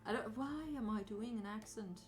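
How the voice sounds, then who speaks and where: A woman's voice: medium pitch, normal speed, soft background music. A woman streamer chatting casually while she sews, talking to herself and answering her chat in a playful way.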